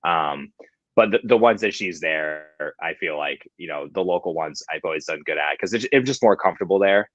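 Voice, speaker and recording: Deep-voiced man, halting casual chat. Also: fairly bright tone, lo-fi sound. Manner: hesitant, many fillers and restarts. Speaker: CrossFit competition MC and coach.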